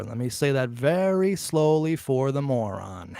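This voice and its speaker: Very animated yet unhurried, this male true crime host has a mid-range voice with vocal fry and a dark tone, captured dry at studio quality. Reading letter passages aloud, he laughs at his critics with chuckles and restarts.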